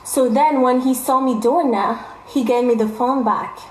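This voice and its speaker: Young woman venting a story to her viewers, high voice, keeps repeating stuff for emphasis, faint hum behind. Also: unhurried. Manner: emphatic, repeats phrases for stress. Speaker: vlogger. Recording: roomy echo.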